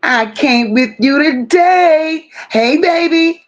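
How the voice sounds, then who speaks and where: This livestream host speaks in a high voice, and the recording sounds muffled. She welcomes each viewer warmly, stretching out her greetings, and reads the chat out loud during her casual stream.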